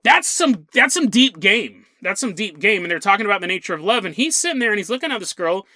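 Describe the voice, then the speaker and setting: A man's voice: sits high, big pitch swings, quick pace, pushed and bright, no echo. A young man hosting a podcast, telling a comedic story in a rambling, jokey way and acting out quotes in funny voices. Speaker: podcast host.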